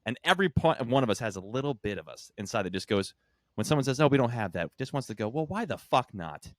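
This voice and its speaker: A man's voice: medium pitch, animated, fast, fairly bright tone, no echo. A man co-hosting a casual podcast, talking emphatically and swearing casually. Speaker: podcast co-host. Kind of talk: casual chat.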